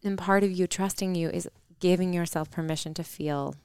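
A woman's voice: lowish voice, steady tone, normal speed, darkish tone, clean tone, no echo, studio quality. A woman in her thirties earnestly telling a personal story on a podcast, reflective, with fillers and restarts. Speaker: podcast co-host.

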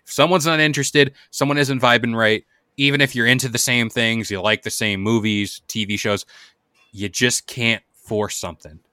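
A man's voice: mid-range voice, steady tone, moderate pace, pushed and bright, clear, resonant tone, no echo, clean studio sound. A man hosting a casual podcast, chatting in a laid-back, rambling, jokey way. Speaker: podcast host. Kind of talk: casual chat.

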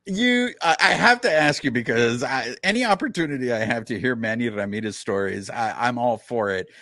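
A man's voice: medium pitch, lively intonation, brisk, sharp tone, dry recording, studio quality. A man hosting a podcast, asking long, enthusiastic, rambling questions in a casual chat. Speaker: podcast host.

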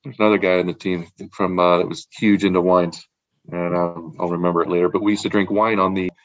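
A man's voice: deep voice, level tone, quick pace, dry recording, lo-fi sound. A man in casual chat, rambling about wine with repeated words and frequent laughs. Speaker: podcast guest, wine collector.

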